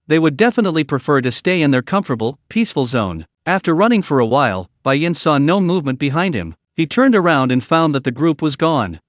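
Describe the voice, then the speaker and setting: A man giving a scripted story narration in a steady storytelling read. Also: on the high side, no room sound, studio quality.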